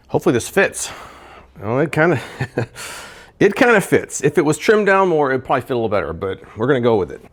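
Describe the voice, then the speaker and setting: A product reviewer with a mid-range voice talks casually as he cooks and tests kitchen gadgets in his home kitchen, thinking out loud for a review vlog. The background is noisy.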